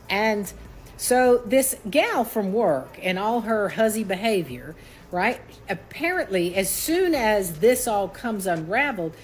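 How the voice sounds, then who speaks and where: A woman's voice: on the low side, a little hiss or hum, rough recording. Emphatic 60-something woman storyteller. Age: 60s. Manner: emphatic and dramatic, with blunt swearing. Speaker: guest. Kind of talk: emotional personal storytelling.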